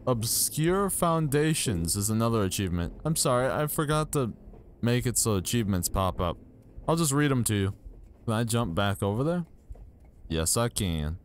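A young man casually commenting as he plays a video game, with excitable, self-mocking reactions into a desk microphone. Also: mid-range voice, normal speed, a little hiss or hum. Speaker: gaming YouTuber. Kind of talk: casual let's-play commentary. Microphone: new desk microphone.

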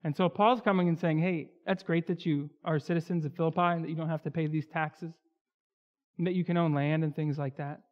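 A man preaching an expository sermon as pastor of a church, slowing down to stress key words. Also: a little high, steady tone. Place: church sanctuary. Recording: dull, lo-fi church recording with long hall reverb.

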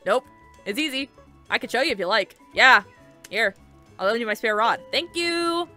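A woman's voice: a little high, expressive, normal speed, bright, forceful tone, soft background music. A woman reading aloud the lines of a patient, easygoing fisherman in a video game.

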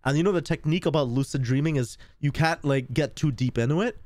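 A man's voice: fairly high pitch, quick pace, a little mellow, no echo, clean studio sound. A man streaming a game, chatting casually with viewers in rambling, slangy, cursing talk.

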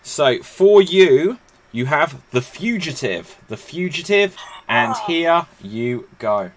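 A man's voice: fairly high pitch, a crowd in the background. A man hosting a live online improv comedy show, joking and laughing at himself. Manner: lively, jokey, quick to laugh at himself.

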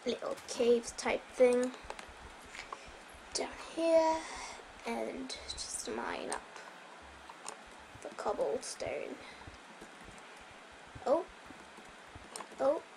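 A woman with a slightly high voice commenting on her gameplay at an unhurried pace. She rambles, restarts her sentences and sometimes sinks into a soft whisper, her voice a little strained. Faint keyboard clicks sit in the background. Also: gravelly, noisy background. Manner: rambling, self-correcting, chatty. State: voice a bit strained. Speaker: Minecraft let's player.

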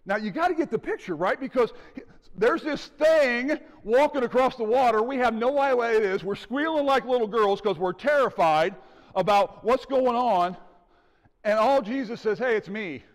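A male pastor preaching a sermon in an animated way, acting out the scenes. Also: very high voice, normal speed, long reverb tail. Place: church sanctuary.

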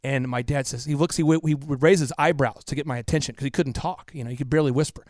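A man in his thirties, a podcast guest telling stories with emphatic, repetitive energy that drops to a hush for emotional moments. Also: mid-range voice, steady tone, fast, no room sound, studio quality. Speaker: podcast guest, business coach. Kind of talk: impassioned storytelling interview.

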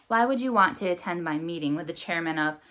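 A woman's voice: on the low side, animated, quick pace, a bit bright. A woman doing a curt, sneering crow father. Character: cold, impatient crow father, a politician.

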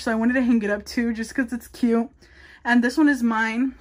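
Chatty young woman, quick and nervous. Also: fairly high pitch, fairly even intonation. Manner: fast, chatty, nervous, lots of fillers. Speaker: nail artist showing her workspace. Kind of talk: casual room-tour vlog.

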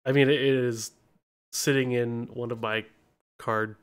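A man hosting a podcast in a relaxed, chatty style. He teases his co-host and laughs often, and his voice sits at a middle pitch for a man. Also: unhurried, clear, resonant tone. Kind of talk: casual podcast chat.

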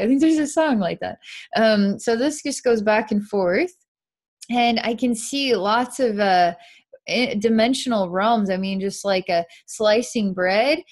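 A woman psychic narrating a live energy-healing session in an earnest, meandering way, describing what she sees as it happens. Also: mid-range voice.

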